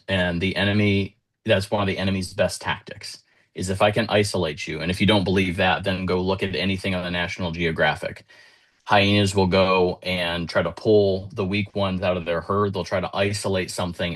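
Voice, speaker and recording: A man with a low voice gives an earnest motivational talk. He is in his thirties. Now and then he retells conversations with his child, shifting his voice a little for each part. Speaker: motivational speaker.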